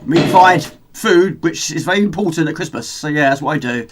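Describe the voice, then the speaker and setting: A man's voice: on the high side, expressive, fairly quick, noisy background. A middle-aged man chatting casually with his live-stream viewers while he plays, greeting them and reading out their comments. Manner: chatty, reads out viewer chat while gaming. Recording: music playing behind the voice.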